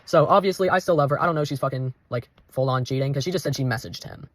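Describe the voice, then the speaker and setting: Fast-talking young man ranting casually. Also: medium pitch, dry recording. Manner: profane, rambling, heated. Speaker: vlogger. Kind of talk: casual storytelling rant.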